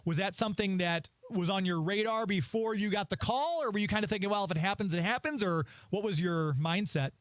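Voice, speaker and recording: Eager male podcast host, high-pitched, dry close sound. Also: brisk, hardly any pauses, no echo. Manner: enthusiastic, laughs along. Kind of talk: casual interview.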